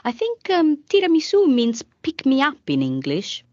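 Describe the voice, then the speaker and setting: A woman's voice: high-pitched, huge pitch swings, normal speed, warm tone, dry recording, lo-fi sound. A woman voicing a friendly Italian waiter who explains the dishes in a lilting, explanatory way.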